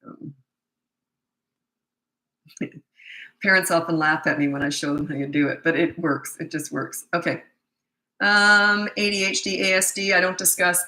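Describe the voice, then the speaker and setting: Parenting coach, woman, 60s, casual and candid, slightly low voice, roomy echoey sound. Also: pushed and bright. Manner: chatty, frank, quick to laugh, acts out dialogue. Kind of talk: live Q&A, casual advice. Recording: echoey room.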